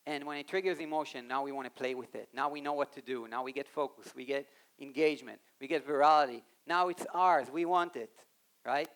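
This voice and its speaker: A man giving an animated live talk on a conference stage, speaking straight to the audience and acting out quoted voices. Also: medium pitch, a little fast. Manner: animated, addresses the audience directly.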